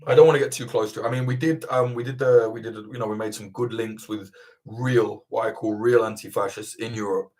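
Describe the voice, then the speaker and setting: This is a man with a lowish voice, hosting a casual livestream Q&A. He rambles through answers with animated energy and swears freely as he goes. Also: brisk. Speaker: host of livestream Q&A.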